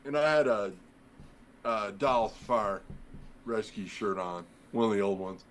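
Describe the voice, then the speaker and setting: A man's voice: on the low side, a little slow, slight background noise, low-quality recording. A middle-aged man, a former firefighter and podcast guest, telling a long story in a casual, rambling way, acting out the dialogue with plenty of fillers. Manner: rambling, acts out quoted dialogue, many fillers.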